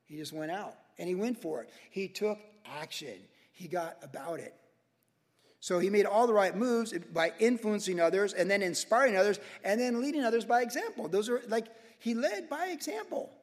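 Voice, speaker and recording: A man preaching a sermon as pastor, emphatic and animated, repeating phrases for stress. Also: high-pitched, normal speed, long reverb tail.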